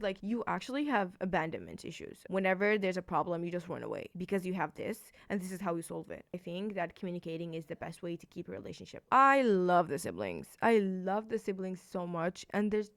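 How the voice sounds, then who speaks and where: A woman's voice: medium pitch, dry recording, clean studio sound. Chatty woman rambling about books. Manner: chatty and rambling, heavy use of "like"; excitable, jumps between topics. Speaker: book reviewer. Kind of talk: casual book review vlog. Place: indoors at home.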